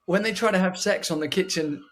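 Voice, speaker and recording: Male film podcast co-host, upbeat and animated, voice a touch high. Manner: enthusiastic, quick to agree, animated. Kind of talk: casual film review chat.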